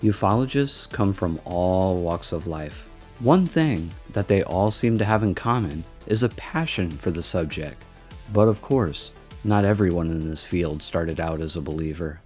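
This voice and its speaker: Deep-voiced male documentary narrator. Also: lively intonation, unhurried, darkish tone, soft background music. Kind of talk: scripted narration.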